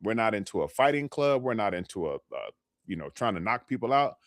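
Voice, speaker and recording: A man's voice: fairly low pitch, big pitch swings, fairly quick, dry recording, clean studio sound. A man, a health coach, giving motivational advice on a live stream in a conversational way, often checking in with "okay?". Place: lives in California.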